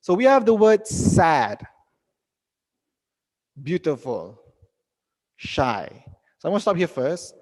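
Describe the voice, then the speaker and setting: A young man teaching a live online English lesson, reading out students' sentences and correcting them gently. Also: fairly high pitch, big pitch swings, slow pace, long pauses, long reverb tail.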